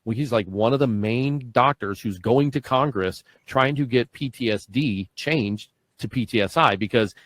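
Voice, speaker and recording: A man's voice: mid-range voice, normal speed, hardly any pauses, no echo. A man, likely in his forties, a podcast host and first responder, telling stories in casual chat and acting out the dialogue. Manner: animated storyteller acting out quoted dialogue.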